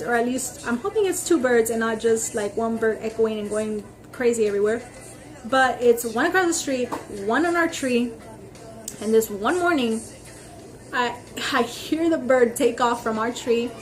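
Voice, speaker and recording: A young woman ranting casually to her camera as a vlogger, rambling with lots of "like" and "freaking" and acting out the other people in her stories. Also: fairly high pitch. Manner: animated storytelling, acting out others' lines.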